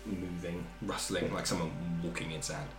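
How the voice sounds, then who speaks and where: A man's voice: low voice, fairly even intonation, normal speed, over music. A man running a tabletop game as game master, narrating scenes with filler words and restarts. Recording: echoey room with background noise.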